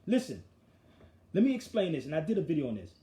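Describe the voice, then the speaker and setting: A man hosting a talk show retells an argument in a forceful, animated way. His voice sits a little high but has a mellow, dark tone. The sound rings in an echoey room. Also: quick pace. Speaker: show host. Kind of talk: casual street talk storytelling.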